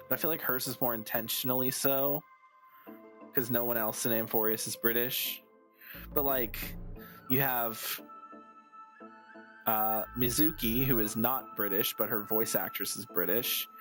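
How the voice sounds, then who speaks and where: A man's voice: medium pitch, fairly bright tone. A man streaming a video game, chatting in a rambling, musing way as he plays. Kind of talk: casual gameplay commentary.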